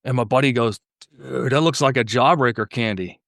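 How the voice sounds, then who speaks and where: Speaking at normal speed with a creaky quality, this car YouTuber appears as a podcast guest, and the audio is studio quality without echo. He spins stories animatedly in relaxed conversation, voicing what people said in a higher pitch.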